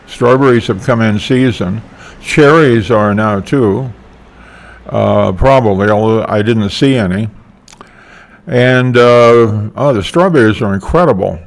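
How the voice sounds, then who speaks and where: Older guy rambling to the camera, low gravelly voice, lots of ums. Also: a little slow. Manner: hesitant, meandering with many fillers. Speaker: vlogger. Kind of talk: casual rambling monologue.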